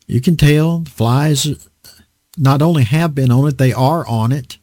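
Teaching from the Bible in a conversational sermon, he stays animated and keeps asking the audience rhetorical questions. His mid-range voice is unhurried, recorded in clean studio sound without echo.

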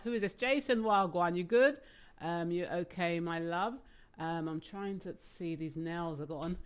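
A woman's voice: lowish voice, smooth. Breathless Jamaican woman hosting a live stream. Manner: chatty and affectionate, greets viewers by name, laughs often. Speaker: live-stream gospel show host. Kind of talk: casual live-stream chat, reading out viewer comments.

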